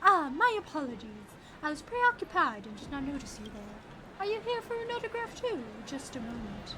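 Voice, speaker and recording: A woman voicing a polite, eloquent male galactic superstar actor, speaking formally and smoothly. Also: high voice, sing-song, moderate pace, noisy background, voice pushed down. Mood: gracious.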